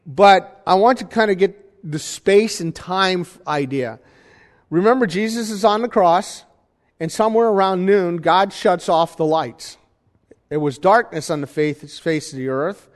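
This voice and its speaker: A man's voice: sits high, a little slow. A man preaching a sermon in a church, talking conversationally and asking the congregation questions. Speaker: pastor. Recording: reverberant hall.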